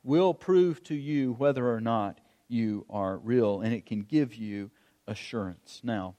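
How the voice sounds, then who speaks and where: Animated pastor preaching in a reverberant hall. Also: male voice, medium pitch, takes it slowly. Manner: storytelling, animated, acts out coaching calls. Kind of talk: sermon.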